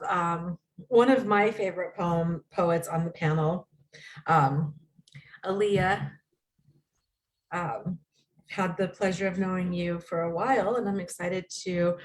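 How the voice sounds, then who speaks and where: A woman hosts a poetry event over a video call, thanking each reader and introducing the next. She speaks graciously and often pauses with an um. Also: lowish voice. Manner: gracious, with many "um"s. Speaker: event host.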